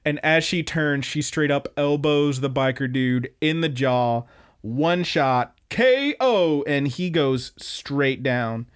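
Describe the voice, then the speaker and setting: A man's voice: a little high, slow, clean tone. A young man co-hosting a podcast, casually recapping anime episodes in a rambling, profane way. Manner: laid-back, rambling, profane, with animated quoted voices. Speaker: podcast co-host.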